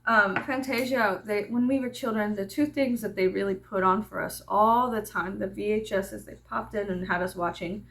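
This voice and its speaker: A woman vlogger chatting casually, telling an animated, profane story with laughing asides. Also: medium pitch, moderate pace, gravelly, hardly any pauses, a little hiss or hum.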